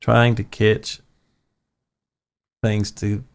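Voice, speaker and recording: A pastor talks through his faith in a sincere, reflective way. His voice sits a little low for a man, and his tone is easygoing and conversational. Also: monotone, very slow, vocal fry, clear, resonant tone. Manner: earnest, reflective storytelling. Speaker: pastor and podcast host. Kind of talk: casual faith chat.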